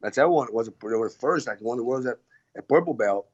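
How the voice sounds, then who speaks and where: A man's voice: medium pitch, brisk, slightly rough, dull audio. Rambling, swearing man telling stories. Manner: rambling, animated, with frequent swearing and restarts. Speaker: guest, martial arts coach. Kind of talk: casual storytelling.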